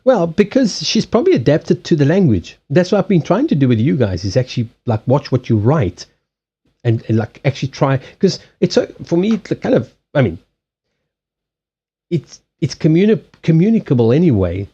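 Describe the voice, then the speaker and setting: A man's voice: on the high side, big pitch swings, moderate pace, warm tone, breathy edge, highs cut off. A man with a Southern African English accent, hosting a casual livestream chat with viewers, rambling with lots of restarts, laughing often and swearing bluntly. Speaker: livestream host doing card readings.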